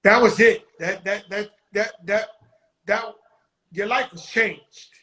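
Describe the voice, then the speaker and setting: A man's voice: high-pitched, slow, bright, forceful tone. A man hosting a casual interview, talking in a loose, emphatic way that repeats words. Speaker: host, rapper.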